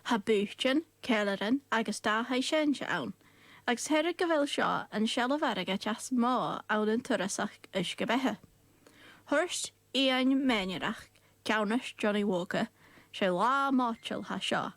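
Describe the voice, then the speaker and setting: A woman's voice: fairly high pitch, a little slow, a bit bright, dry recording. A woman radio presenter reading news in English and Gaelic, with light personal asides.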